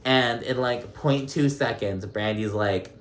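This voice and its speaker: A man casually recapping a reality show episode, chatty and gossipy, laughing often and filling pauses with ums. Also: medium pitch, slight background noise. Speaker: recap vlogger. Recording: roomy echo.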